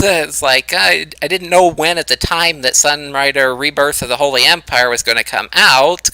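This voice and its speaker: A man's voice: fairly high pitch, gravelly, pushed and bright, dry recording, rough recording. A man hosting a let's play, chatting casually and rambling with an easy laugh. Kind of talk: casual gameplay chat.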